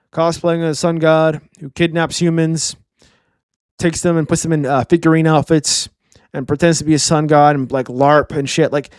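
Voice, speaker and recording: A man reviewing a manga chapter in a rambling, profane, excitable casual chat. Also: on the high side, dry recording, clean studio sound.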